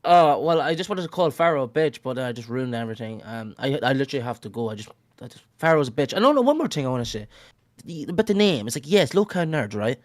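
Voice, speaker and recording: A man's voice: medium pitch, big pitch swings, fast, dry recording, clean studio sound. A man joining a livestream chat by video call, teasing the hosts, rambling and swearing a lot. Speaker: call-in guest. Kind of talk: casual chat.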